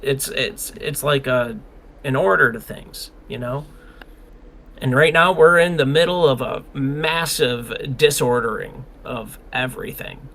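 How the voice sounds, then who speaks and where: A man's voice: medium pitch, unhurried, bright, forceful tone. A man co-hosting a podcast, talking in an earnest, rambling way and swearing casually. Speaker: podcast co-host.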